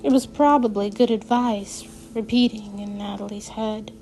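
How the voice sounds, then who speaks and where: A woman's voice: mid-range voice, steady tone, normal speed, dark tone, faint music behind, poor audio. A woman reading a novel aloud at an easy pace, now and then stumbling and rereading a phrase, with casual asides to listeners. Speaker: reader.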